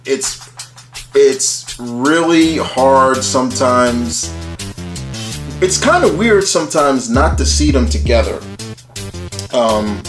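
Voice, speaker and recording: A man's voice: medium pitch, roomy sound. A man casually talking through a ranked list of favourite cartoon characters, rambling and restarting often, with casual swearing. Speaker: channel host ranking cartoon characters.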